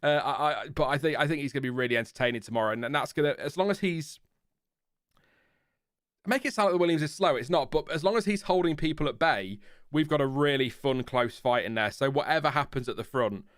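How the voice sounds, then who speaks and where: A man's voice: medium pitch, fast talker, fairly bright tone, no room sound, clean studio sound. A man with a Lincolnshire accent hosting a casual live F1 chat stream, rambling and restarting his sentences, chuckling at his own tangents. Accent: Lincolnshire English. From Lincolnshire, England. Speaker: F1 channel host.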